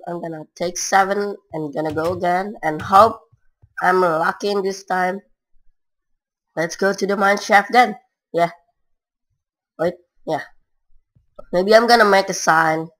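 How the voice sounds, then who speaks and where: A woman's voice: lowish voice, steady tone, unhurried, long pauses, fairly bright tone, rough recording. A woman giving casual, rambling gameplay commentary in broken non-native English, with frequent filler words. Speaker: gamer.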